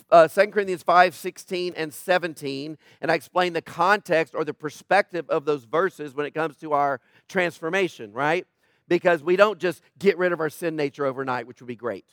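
A man's voice: a little high, moderate pace, a bit bright, dry recording, studio quality. A male pastor preaching a sermon, emphatic and full of rhetorical questions to the congregation.

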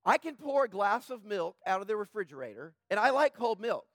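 A man with a high, slightly rough voice preaches to his congregation. He stays conversational, drifting into joking asides. The sound is dry and close, with no room around it. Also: big pitch swings, a little fast, fairly bright tone, no room sound. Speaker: pastor. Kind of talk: sermon.

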